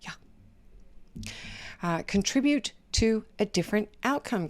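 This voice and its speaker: A woman hosts a podcast in an expressive, darkish mid-range voice, speaking at normal speed with frequent pauses. Giving casual life advice, she converses easily, repeatedly asks "right?" at the end of points, and sometimes lowers her voice to a whisper.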